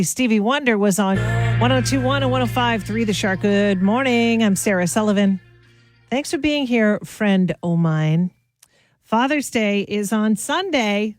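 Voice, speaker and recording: A woman's voice: medium pitch, no echo, clean studio sound. A woman hosting a morning radio show, chatty and laughing at her own jokes. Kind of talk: upbeat radio show chat. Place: radio studio. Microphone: studio mic.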